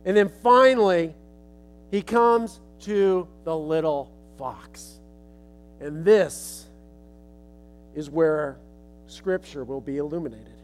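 A man's voice: fairly high pitch, slow pace, long pauses, soft background music. A male preacher telling a children's story as a sermon illustration in a casual, folksy way.

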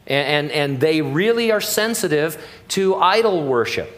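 A man's voice: fairly high pitch, lively intonation, a little slow. Joking, chatty man preaching a sermon. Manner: conversational and joking, with many asides and fillers. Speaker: pastor. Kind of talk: expository sermon.

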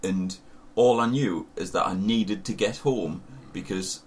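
A man's voice: deep voice, unhurried, breathy edge. A young man with a Northern English accent, a laid-back co-host in casual chat who laughs often. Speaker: podcast co-host. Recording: faint background noise.

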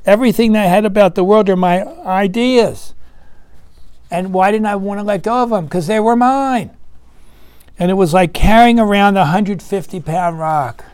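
A man's voice: sits high, clean tone, no echo. A man leading a recovery meeting, talking earnestly and conversationally, asking the room questions and acting out voices in his story.

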